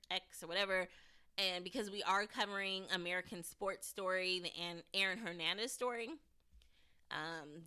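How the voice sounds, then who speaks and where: A woman's voice: mid-range voice, clean tone. A woman hosting a podcast, chatting casually through an episode recap and thinking aloud with restarts. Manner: lively, acts out characters' lines in recaps. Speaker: podcast host.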